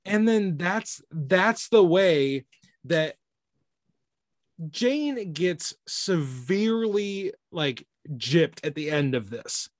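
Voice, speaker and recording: A man casually discussing a comic book issue on a podcast, animated and laughing as he retells scenes. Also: sits high, extremely slow, no room sound, clean studio sound. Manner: animated, mock-archaic quoting, laughing. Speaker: podcast co-host.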